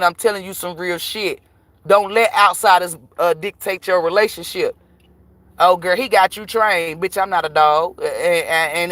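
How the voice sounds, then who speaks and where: A woman's voice: fairly low pitch, no echo. Woman, outspoken tarot reader on a live stream, foul-mouthed and preachy, dry close sound. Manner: blunt, profane, preachy advice. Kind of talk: live-stream rant to viewers.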